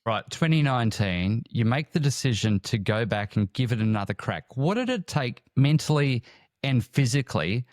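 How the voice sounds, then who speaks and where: A man hosting a podcast interview, asking measured, prompting questions. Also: mid-range voice, sing-song, dry recording, studio quality.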